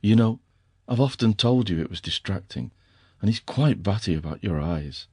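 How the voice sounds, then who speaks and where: A man's voice: fairly low pitch, animated, moderate pace, darkish tone, slightly rough, dry recording, studio quality. A man reading a wry, teasing young husband.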